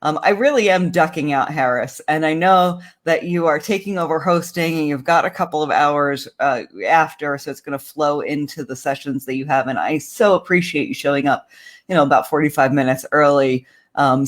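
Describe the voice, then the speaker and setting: A tired woman hosting a livestream over a video call, playful and drawing out her words. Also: low-pitched. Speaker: livestream host.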